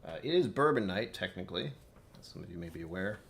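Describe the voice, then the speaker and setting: A man's voice: low voice, animated, quick pace, creaky. Chatty man hosting a livestream. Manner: chatty, mutters to himself while fixing settings. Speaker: livestream host. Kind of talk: casual livestream chat. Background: faint background music.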